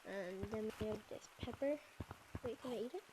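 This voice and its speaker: A woman's voice: fairly high pitch, normal speed, heavy background noise. A woman giving casual, rambling gameplay commentary as a channel host, with frequent fillers.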